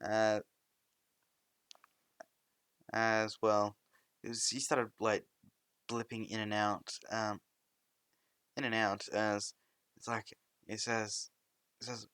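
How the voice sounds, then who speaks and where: A man's voice: on the low side, little pitch movement, slow pace, pauses often, a bit bright, clear, resonant tone, no room sound. A young man narrating a fan story in a rambling, loosely improvised way, often restarting sentences.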